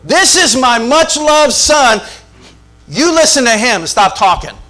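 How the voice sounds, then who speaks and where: A man's voice: very high voice, very animated, measured pace, bright, forceful tone, pitched above the performer's own voice, full character voice. A preacher doing God, a stern and blunt father. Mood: exasperated. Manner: scolding, blunt.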